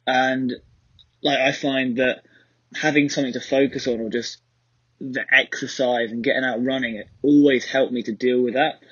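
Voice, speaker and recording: A man's voice: medium pitch, steady tone, normal speed, fairly bright tone, slightly rough, dry recording. A young man in casual chat, rambling with many fillers and restarts, who coaches running. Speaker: podcast co-host and running coach. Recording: slightly dull lo-fi recording.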